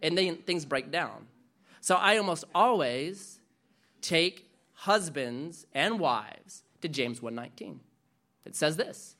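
Animated man preaching a sermon. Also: on the high side, slow pace. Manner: animated preaching, acts out quoted voices. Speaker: pastor.

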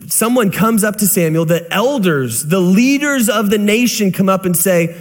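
A young male pastor preaching with a high voice and lively delivery. He tells stories and acts out voices and sounds as he goes. His sermon carries a long reverb. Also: normal speed, hardly any pauses.

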